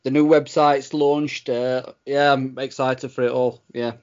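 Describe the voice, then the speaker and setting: A man co-hosting a podcast in a laid-back, modest way. His voice sits at a middle pitch and he chuckles easily. The recording is a little dull and lo-fi. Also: flat delivery, measured pace, a little mellow. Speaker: podcast co-host. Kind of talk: casual podcast chat.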